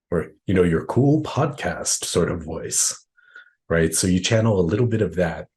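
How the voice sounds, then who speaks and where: A male trainer with a low, darkish voice answers questions at normal speed during a live online workshop. Over the video call he explains things conversationally, often checking in with "right?"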